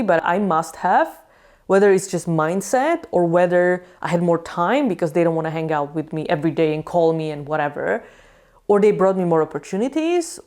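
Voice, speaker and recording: A woman talking to camera, giving blunt advice and acting out friends' replies with lively changes of voice. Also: lowish voice. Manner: blunt, animated, acts out quoted friends. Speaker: video creator. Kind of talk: casual advice talk to camera.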